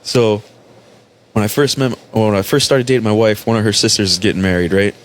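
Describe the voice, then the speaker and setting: A man's voice: lowish voice, brisk. A man, a former Marine, telling a story in a casual chat, swearing freely and laughing often. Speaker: podcast host, former Marine.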